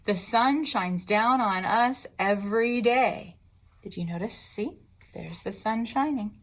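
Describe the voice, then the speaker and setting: A woman librarian leading a storytime for young children, talking in an expressive, teacherly way. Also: mid-range voice, takes it slowly.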